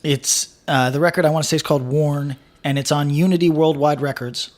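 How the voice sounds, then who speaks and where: A man co-hosting a casual music podcast, his voice sitting a little high. He jokes around and swears freely as he talks. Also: steady tone, a little fast. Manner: joking, swears, talks with food in mouth. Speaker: podcast co-host. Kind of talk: casual chat.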